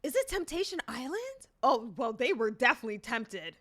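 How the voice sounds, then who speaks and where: A young woman in her twenties chatting casually with her viewers as a livestreamer, telling stories in an animated, laughing way with some swearing. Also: on the high side, fairly quick.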